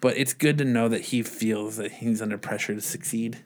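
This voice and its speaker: A man's voice: on the low side, steady tone, moderate pace. A man hosting a casual chat, opinionated and profane, often laughing. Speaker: podcast host.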